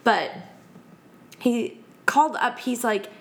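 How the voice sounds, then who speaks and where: Chatty woman with a gravelly edge. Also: fairly high pitch, slow pace. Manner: animated, laughs often, acts out quotes. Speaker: podcast guest. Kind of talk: casual storytelling chat.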